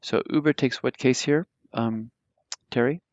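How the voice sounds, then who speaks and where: A man's voice: mid-range voice, measured pace, no room sound, highs cut off. A man teaching a German grammar lesson, explaining patiently with lots of fillers and restarts. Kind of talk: live online grammar lesson.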